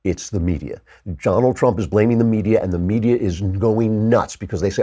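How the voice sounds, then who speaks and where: A man's voice: fairly low pitch, a little fast, warm tone, slightly rough. A man hosting a political talk show, delivering a sarcastic, opinionated commentary monologue into a studio microphone. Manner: sarcastic, mocks opponents in exaggerated voices.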